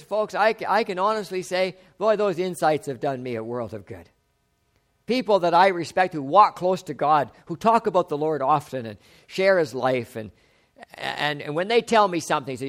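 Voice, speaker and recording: A middle-aged man preaching a sermon, reading scripture and slowing to stress key phrases. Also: a little high. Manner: emphatic, slows and rises on key phrases. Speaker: pastor.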